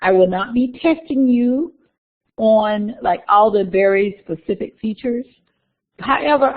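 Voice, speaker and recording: A woman lecturer explaining course material to her class in a classroom, with frequent "uh" fillers and small restarts. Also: mid-range voice. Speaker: university lecturer. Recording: phone-like lecture recording.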